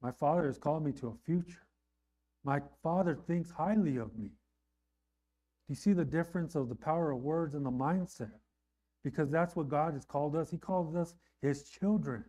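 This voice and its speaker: A middle-aged man preaching a sermon in a conversational way, often asking "right?" and rising in pitch and volume on emphatic lines. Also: normal speed, dark tone. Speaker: pastor.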